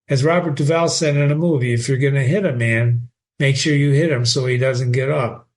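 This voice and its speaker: A man's voice: medium pitch, steady tone, normal speed, hardly any pauses. A man hosting a reading, who explains old verse in plain words with chatty enthusiasm. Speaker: host explaining a play. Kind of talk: casual reading commentary.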